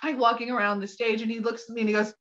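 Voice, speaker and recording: A woman guest telling a funny story in casual chat, animated and laughing often. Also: on the high side, very fast. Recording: dull lo-fi audio.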